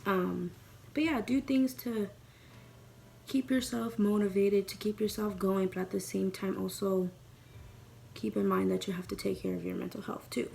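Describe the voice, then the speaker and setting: A woman's voice: medium pitch, vocal fry, slight background noise. A young woman vlogging at home, chatting casually and rambling with lots of cursing while doing her makeup. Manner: chatty, profane, rambling and playful.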